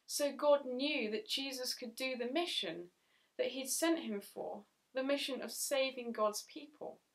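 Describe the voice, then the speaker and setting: A woman giving a Bible story talk for children at church, speaking clearly and often asking her young listeners questions. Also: mid-range voice, a bit bright.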